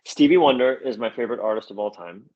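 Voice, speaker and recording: An enthusiastic man talks as a podcast guest, quick to laugh and full of energy. His voice sits at a middle pitch for a man. The sound is a little dull and lo-fi. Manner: animated, laughs often, enthusiastic. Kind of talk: casual chat.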